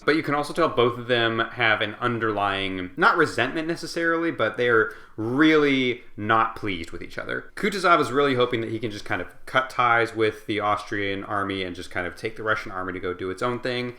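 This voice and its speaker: A tipsy man rambling through a casual comedic book recap, full of fillers, asides and little tangents. His voice is bright and forward, never dark or mellow, and it sits in an ordinary middle pitch. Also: expressive, brisk, hardly any pauses, reverberant. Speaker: host.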